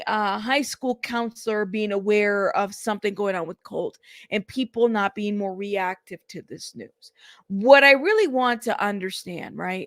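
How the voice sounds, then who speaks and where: A woman's voice: mid-range voice, no echo, studio quality. A woman hosting a casual news livestream, greeting chatters by name in a chatty way. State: out of breath.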